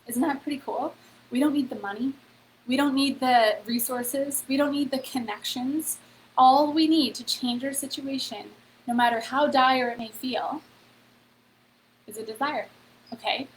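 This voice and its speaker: Woman host, slightly higher voice, easygoing live-stream motivational chat with a faint hum behind. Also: fairly even intonation, measured pace, poor audio. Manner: chatty, heavy on "like" and "okay?", addresses viewers directly. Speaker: host of a free online event.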